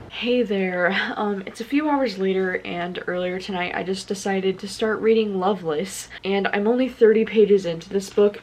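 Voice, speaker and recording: A woman's voice: mid-range voice, rough recording. Chatty young woman book vlogger. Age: 20s. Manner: chatty, many "like" fillers, candid and emotional. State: tearful. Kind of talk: casual vlog chat.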